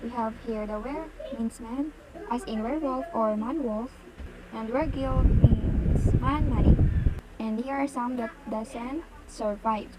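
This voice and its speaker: A woman's voice: fairly high pitch, heavy background noise. A woman student reading her part of a class presentation, going plainly through a word list.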